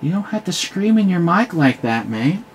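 Young man, gameplay commentary, mocking, excitable, animated pitch, game noise behind. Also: normal speed. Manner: trash-talking, excitable, mocking. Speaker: gaming commentator.

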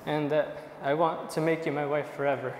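A young man, the groom, reading his wedding vows softly and with emotion. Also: a little high, steady tone, moderate pace, roomy sound, in a large hall, heavy background noise. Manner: soft, emotional, reading from notes.

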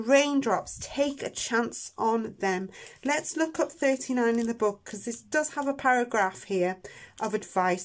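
A woman giving a chatty, emotional tarot reading, soft-spoken with many ums, tearing up at times. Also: on the high side. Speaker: tarot reader. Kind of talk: pick-a-card tarot reading.

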